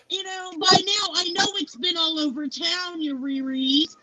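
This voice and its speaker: A woman's voice: extremely high pitch, fairly even intonation, measured pace, pushed and bright, no room sound. A woman in her forties telling a personal story in a live interview, frank and blunt, swearing freely and saying "you know" a lot. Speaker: founder and CEO, interview guest. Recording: muffled lo-fi live stream audio.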